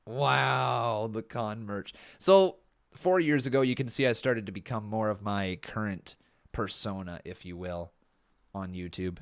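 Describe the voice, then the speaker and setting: A man's voice: lowish voice, a little slow, creaky. A young man from Canada doing casual live-stream commentary, exclaiming and laughing often as he looks back at old videos.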